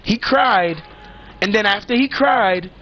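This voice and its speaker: Heated, high-voiced man ranting. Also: slow, bright, forceful tone. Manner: blunt, heated, preachy, heavy swearing and slang. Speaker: father ranting on a vlog. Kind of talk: profane monologue rant.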